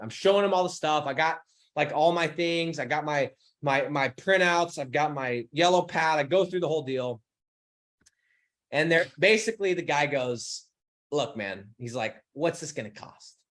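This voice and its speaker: A young man casually telling an excited, profanity-laced story to his viewers, acting out the dialogue as he goes. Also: fairly high pitch. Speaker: online business coach.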